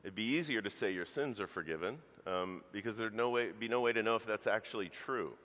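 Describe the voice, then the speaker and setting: Man, pastor, earnest sermon, lowish voice, long church reverb. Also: fairly quick, fairly bright tone. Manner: earnest preaching, addressing the congregation as church. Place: church sanctuary.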